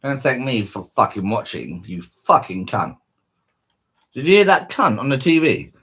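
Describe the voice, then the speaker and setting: Husky man in a sweary comic rant. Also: medium pitch, big pitch swings, unhurried, a bit bright. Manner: sweary, mocking, heated.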